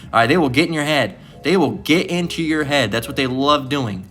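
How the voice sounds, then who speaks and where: Male preacher, mid-pitched, casual and profane, repetitive "all right?" delivery over faint background music. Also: fairly quick, a bit bright. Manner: loose and profane, tags lines with "all right?"; emphatic, often repeats himself. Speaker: preacher teaching a Bible lesson. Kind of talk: informal sermon-style Bible lesson.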